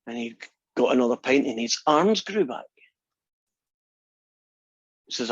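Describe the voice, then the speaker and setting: A male math instructor with a medium-pitched, slightly breathy voice and lively intonation talks his class through calculus at normal speed, with long pauses. He's chatty and joking, walking through steps conversationally in a casual lecture. The recording is dry, close and echo-free, with dull lo-fi sound.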